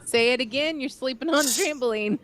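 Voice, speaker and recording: A woman's voice: high voice, a little fast, fairly bright tone, a little hiss or hum. A woman in her forties co-hosting a live podcast in casual chat, teasing and laughing often. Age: 40s. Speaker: podcast co-host.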